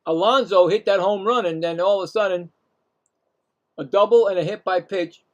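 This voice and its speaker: A man with a Brooklyn accent hosting a casual live play-by-play stream, chatting and rambling between pitches. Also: moderate pace, muffled recording. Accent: Brooklyn New York.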